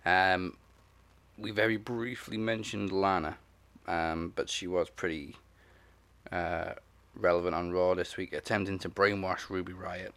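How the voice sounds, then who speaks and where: A man with a very deep, gravelly voice chats casually as a wrestling podcast co-host. He makes dry, wry remarks, and his low register sits heavy with vocal fry. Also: fairly even intonation, unhurried, fairly bright tone. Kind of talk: casual chat.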